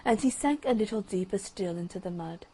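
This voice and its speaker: A woman narrating a bedtime story, reading in a calm, even way. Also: mid-range voice, a little fast, breathy edge, rough recording.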